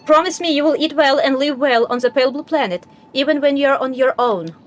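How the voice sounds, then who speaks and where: A woman reading the lines of a calm, gentle male game hero in a soft, steady, measured way. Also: high voice, natural voice. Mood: tender.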